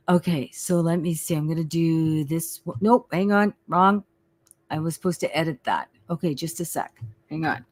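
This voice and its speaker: A middle-aged woman, a psychic medium, chatting on her live stream in a bubbly, excitable way and repeating herself. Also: lowish voice, normal speed, no room sound, clean studio sound. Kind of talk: casual live-stream chat.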